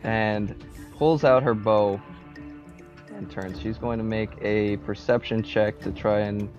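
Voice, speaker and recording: A man's voice: lowish voice, slow pace, soft background music. A man leads a tabletop role-playing session over voice chat, narrating what the characters do and patiently walking his players through the rules. His headset mic gives the voice a dull, slightly muffled lo-fi quality. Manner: relaxed, explains rules with many fillers. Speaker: game master. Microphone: headset microphone.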